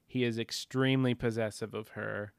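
A man's voice: lowish voice, moderate pace, gravelly, clean tone, no room sound. A man co-hosting a podcast, chatting casually and animatedly, peppering his recap with "like" and acted-out quotes. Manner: animated storyteller who acts out quoted lines, many "like" fillers. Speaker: podcast co-host. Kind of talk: casual chat recapping a TV episode.

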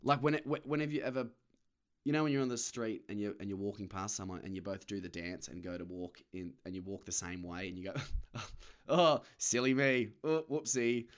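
Speaking briskly in a deep voice with fairly even intonation, a young Australian man hosts a casual podcast from a parked car. He rants, swears freely and does impressions of other people.

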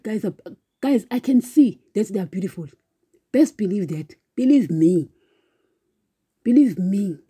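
A woman delivers an impassioned, informal devotional talk, circling back over her points and speaking straight to her listeners. Her voice is very dark and mellow with a husky edge, and the recording is close and dry. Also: mid-range voice, no echo. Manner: impassioned, repetitive, keeps calling listeners "guys". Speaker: podcast preacher.

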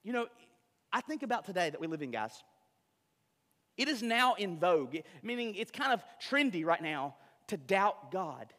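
A high-voiced pastor preaches with emphatic, conversational energy and frequent asides. His voice rings out with the long reverb of a big hall. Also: big pitch swings, moderate pace, bright, forceful tone. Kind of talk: sermon.

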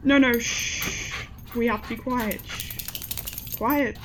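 A woman playing a haunted, grieving college student who speaks softly and grows jumpy. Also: fairly high pitch, fairly even intonation, slow pace, background noise. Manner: shaken, soft-spoken, snapping when frightened.

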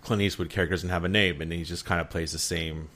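A man's voice: low voice, steady tone, fast, fairly bright tone. A man co-hosting a casual movie podcast, laid-back and laughing often as he talks. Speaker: podcast co-host.

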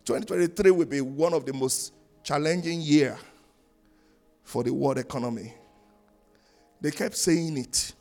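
A man preaching a sermon, swinging between loud sung-out lines and quiet asides. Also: fairly high pitch, measured pace, pauses often, soft background music. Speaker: pastor. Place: church in Canada.

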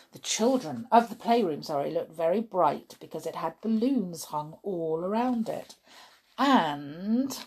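Woman storyteller, slow unhurried reading, lively sing-song pitch, somewhat low voice, expressive. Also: creaky, slightly rough. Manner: slow, expressive, chatty asides. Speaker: storyteller for children. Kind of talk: reading a children's story aloud.

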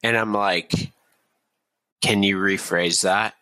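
A man's voice: fairly low pitch, steady tone, takes it slowly, sharp tone, no room sound. A young man, a podcast guest, telling a long casual army story full of swearing and breaking into laughter. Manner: profane, laughs through his own story.

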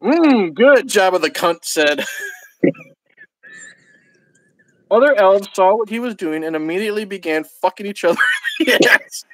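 High-voiced man reading a story aloud. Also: moderate pace, long pauses, fairly bright tone, rough recording. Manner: laughing at his own reading, stumbling over words. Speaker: podcast host.

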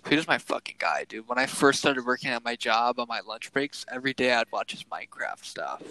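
A man's voice: mid-range voice, expressive, a little fast, bright, forceful tone, dry recording, low-quality recording. A young man co-hosting a podcast, rambling in casual chat with lots of swearing and filler words. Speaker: podcast co-host.

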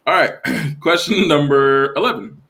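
Guy hosting a word quiz, reads the questions slow and drawn out, teasing, voice bounces all over. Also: fairly high pitch, expressive, sharp tone. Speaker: quiz host. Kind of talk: casual web quiz show banter.

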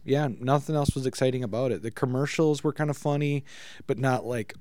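A man's voice: medium pitch, brisk, a little mellow, a little hiss or hum. A man co-hosting a comics podcast, talking in a laid-back, rambling, joking way. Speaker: podcast co-host. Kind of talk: casual chat.

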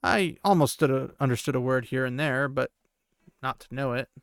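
A man's voice: mid-range voice, moderate pace, smooth, no echo, clean studio sound, natural voice. A man voicing a nervous, wisecracking young man who dodges hard questions.

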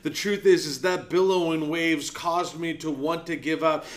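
Storytelling pastor, slightly high voice. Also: male voice. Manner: storytelling, with acted-out quotes. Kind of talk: sermon.

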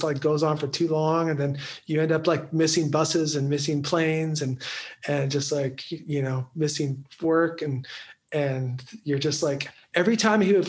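A man in casual film talk, rambling with many restarts and fillers. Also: fairly high pitch.

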